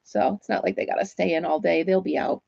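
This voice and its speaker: A woman's voice: fairly low pitch, steady tone, quick pace, vocal fry, dark tone, dry recording, muffled recording. A woman hosting a casual livestream from home, chatting with viewers while she crochets and laughing often. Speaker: livestream host.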